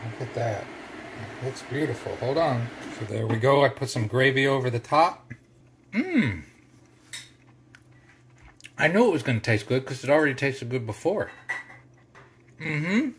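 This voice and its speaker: A man's voice: mid-range voice, animated, a little slow, pauses often, slight background noise. A middle-aged man hosting a casual cooking vlog, chatty and folksy, poking fun at himself. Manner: chatty, folksy, self-deprecating. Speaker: cooking vlogger.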